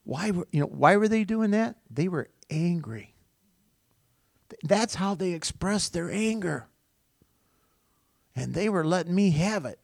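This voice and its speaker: A middle-aged male pastor preaches in a loose, chatty storytelling way, chuckling now and then. His voice is on the higher side with a gravelly fry. The sound is dry and close, with no room echo. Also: animated, measured pace, pauses often, darkish tone. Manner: conversational, rambling storytelling with chuckles. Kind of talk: informal sermon.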